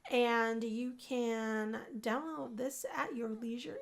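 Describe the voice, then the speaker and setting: A chatty young woman narrating her life-simulation game in a relaxed Let's Play style. Her voice sits a little high, and her talk is upbeat and rambling. She often repeats a phrase to stress it. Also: slow, gravelly. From Puerto Rican family. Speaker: gaming video host. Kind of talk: casual Let's Play commentary.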